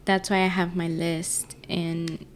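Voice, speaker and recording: A woman's voice: fairly low pitch, little pitch movement, slow, slight background noise. A woman co-hosting a casual podcast in a playful, teasing manner. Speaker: podcast co-host.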